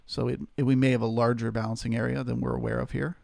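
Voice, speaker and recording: A man's voice: mid-range voice, little pitch movement, quick pace, vocal fry, darkish tone, dry recording, studio quality. A man hosting a live trading stream, steadily talking through market levels and greeting viewers in chat.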